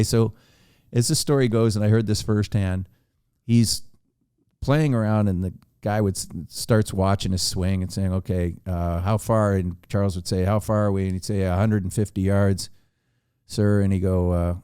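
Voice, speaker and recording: A man's voice: fairly low pitch, fairly even intonation, normal speed, warm tone, clean tone, no room sound, studio quality. A man telling a long anecdote on a podcast, acting out the dialogue with animation. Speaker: podcast guest storyteller.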